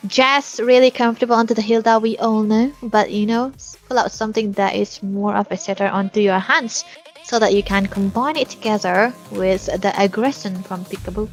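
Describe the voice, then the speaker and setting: A woman casting live esports, chatty and excitable, breaking into giggles as she breaks down the game. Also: medium pitch, normal speed, faint music behind. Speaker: esports caster and analyst.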